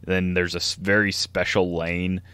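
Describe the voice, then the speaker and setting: A man's voice: sits low, flat delivery, moderate pace, sharp tone, smooth, dry recording. A man co-hosting a podcast, rambling through a casual story and laughing often. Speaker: podcast co-host. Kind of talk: casual chat.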